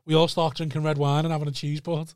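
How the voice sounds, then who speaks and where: A man's voice: fairly high pitch, level tone, fast talker, smooth, dry recording, studio quality. A young man, chatting casually and telling a rambling, sweary story, often laughing. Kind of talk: casual chat.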